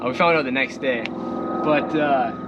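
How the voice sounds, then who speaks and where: In a lo-fi outdoor recording with clear background noise, a young man with a Midwestern accent, likely from Minnesota, walks viewers through his boat. He speaks at a middle pitch, rambling, laughing often, and using many fillers like "uh," while drifting closer to and farther from the camera set on the boat.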